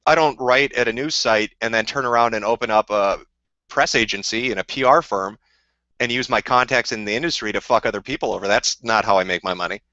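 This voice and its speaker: A man's voice: fairly low pitch, a little fast, sharp tone, no echo. A man on a live stream, answering viewer questions in a rambling, profane, combative rant. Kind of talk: casual ranting live stream. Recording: dull lo-fi dry sound.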